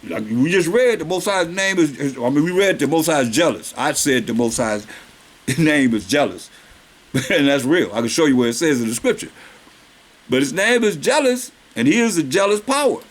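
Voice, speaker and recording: Preaching with a fairly high, animated voice, this man reads Bible verses at a slow pace and then unpacks them in plain, everyday talk. He poses questions to the congregation and stretches words out to stress them.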